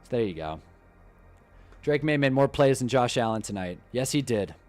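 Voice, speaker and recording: A young man hosting a casual live stream, talking in an animated, swearing rant. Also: mid-range voice, normal speed, soft background music. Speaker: livestream host. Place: indoors at a green screen.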